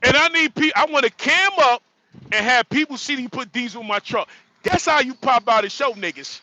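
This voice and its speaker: A man's voice: extremely high pitch, a little fast, sharp tone, no room sound, poor audio. A man, a trucker hosting a casual livestream, joking and repeating himself as he talks. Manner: joking, repetitive, frequent laughter. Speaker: livestream host; truck driver.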